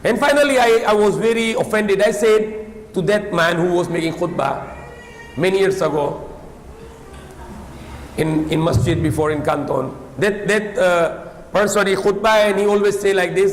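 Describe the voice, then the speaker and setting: High-voiced man preaching in an echoey hall. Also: normal speed. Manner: emphatic, repeats points, non-native English with some Tagalog. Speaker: Islamic preacher. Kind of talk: sermon lecture.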